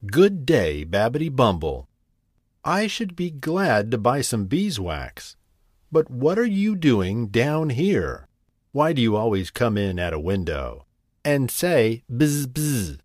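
A man's voice: medium pitch, very animated, slow, darkish tone, dry recording, studio quality. A man voicing a fussy, tidy little female house mouse in a storybook reading, prim and scolding. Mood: stern.

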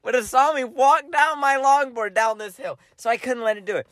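A man's voice: extremely high pitch, brisk, a bit bright, dry recording. A young man co-hosting a podcast, telling a self-mocking story in casual chat and acting out his own lines. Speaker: podcast co-host.

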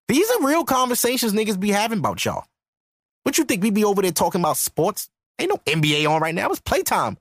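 A man's voice: high voice, wildly swooping pitch, fast talker, a bit bright, no echo, studio quality. A man hosting a podcast, giving a blunt, profane, lecturing rant in a casual style. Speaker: podcast host.

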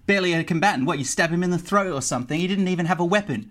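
A man voicing a nervous, frightened male mage guard who pleads quickly in a raised voice. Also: high voice, a bit bright, voice pushed up. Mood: nervous pleading.

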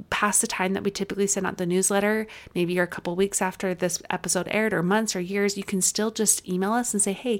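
A woman with a Utah accent hosting a podcast, briskly summarizing points in a numbered list. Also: medium pitch. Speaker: podcast host. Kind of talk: solo podcast recap.

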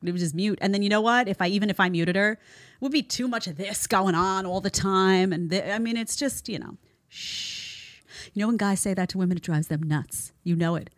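A woman's voice: medium pitch, fast talker, dry recording. A woman hosting a podcast, giving opinionated commentary in a sarcastic tone and mocking people with impressions, recorded on a studio mic. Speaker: podcast host. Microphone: studio microphone.

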